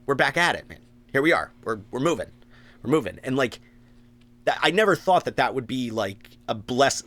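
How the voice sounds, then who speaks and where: A man's voice: medium pitch, a bit bright. Earnest man, casual recovery talk. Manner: earnest, swears, acts out his own thoughts. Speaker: podcast co-host.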